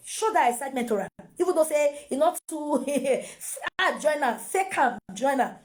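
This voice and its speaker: A woman's voice: high-pitched, animated, normal speed. A Nigerian woman and mother giving casual parenting advice to camera, repeating phrases and mixing in pidgin.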